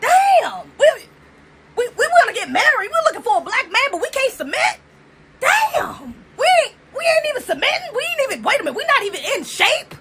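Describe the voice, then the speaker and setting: Very high-pitched, sharp-voiced young woman ranting. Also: wildly swooping pitch, a little fast, slight background noise. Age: young adult. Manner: emphatic, profane, rhetorical questions. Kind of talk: opinion rant to camera.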